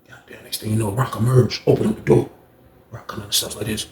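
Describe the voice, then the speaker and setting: A man's voice: lowish voice, fast talker, creaky, echoey room. A man casually telling a long story and acting out the people and sounds in it. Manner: animated, acts out the people and sounds in his story.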